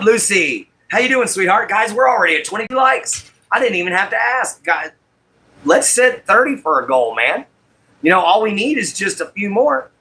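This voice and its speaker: A man with a drawl hosts a relaxed livestream and greets his viewers one by one by name. His voice sits a little high and rings bright and forward. He talks easily and apologizes often when his audio cuts out. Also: breathy edge. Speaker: livestream host. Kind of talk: casual livestream chat while crafting.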